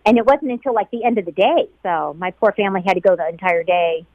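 A middle-aged woman, a flight attendant, recalling events in an emotional interview, heartfelt and quoting others in lively voices. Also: medium pitch, fast talker, no echo, narrow, tinny audio.

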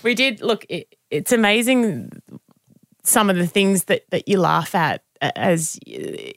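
A woman, a podcast guest talking through a personal memory in a reflective, halting way with many restarts. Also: mid-range voice, lively intonation, a bit bright, dry recording, clean studio sound. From Australia. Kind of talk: candid conversational interview.

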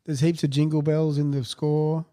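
Deadpan man, mellow tone. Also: on the high side, normal speed. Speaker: podcast co-host. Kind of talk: casual movie review chat.

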